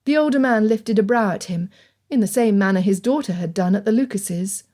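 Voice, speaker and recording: A woman narrating an audiobook in a steady, clear storytelling manner. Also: mid-range voice, fairly quick. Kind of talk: scripted narration.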